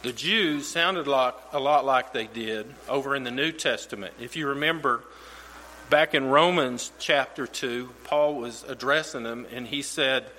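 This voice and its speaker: Guy teaching bible study, bright voice, long echoey hall, faint hum behind, kinda rambly. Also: mid-range voice, a little slow. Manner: conversational, repeats words when restarting. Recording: reverberant hall with mains hum.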